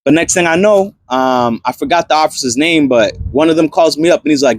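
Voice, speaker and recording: A young man casually telling a personal testimony story in an animated, slangy way, full of fillers and restarts. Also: on the high side, brisk.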